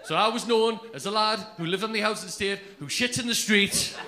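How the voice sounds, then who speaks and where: A man's voice: high voice, fairly quick, bright, forceful tone. A man, telling a crude story in brash stand-up style on a comedy club stage. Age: 30s.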